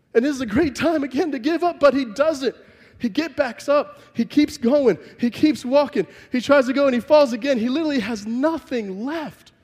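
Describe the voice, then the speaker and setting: A man's voice: extremely high pitch, a little mellow. A man preaching a sermon, telling the story vividly and emphatically and acting out the scenes. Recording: long reverb from a large hall.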